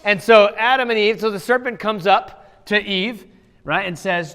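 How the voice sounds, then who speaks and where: A man teaching a children's church class, quizzing the kids with quick questions as he retells a Bible story. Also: sits high, fairly bright tone, clean tone. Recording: long hall reverb.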